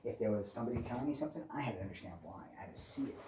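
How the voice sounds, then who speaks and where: A man's voice: medium pitch, lively intonation, rapid-fire, background noise. A man in his fifties telling a meandering personal story, swearing constantly and restarting his sentences often. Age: 50s. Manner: profane, meandering, restless storytelling. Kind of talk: rambling personal monologue.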